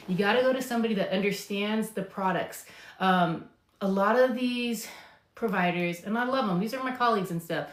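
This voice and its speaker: A woman's voice: medium pitch, fairly quick. Woman, aesthetic nurse, casual live Q&A, emphatic, chatty, echoey room. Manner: chatty, emphatic, filler-heavy, acts out patients.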